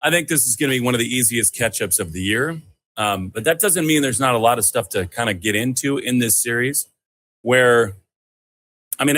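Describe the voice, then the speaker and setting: A man co-hosting a sports podcast, talking excitedly and swearing as he celebrates and leads the chat. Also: medium pitch. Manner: loud, swearing, hyped celebration. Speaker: podcast co-host.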